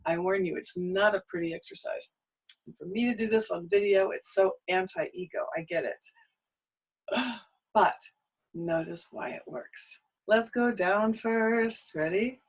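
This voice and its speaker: Breathy woman coaching a voice lesson. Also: mid-range voice, measured pace, rough recording. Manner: encouraging, cueing exercises with short prompts. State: out of breath between exercises. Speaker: singing teacher. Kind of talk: voice lesson with vocal exercises.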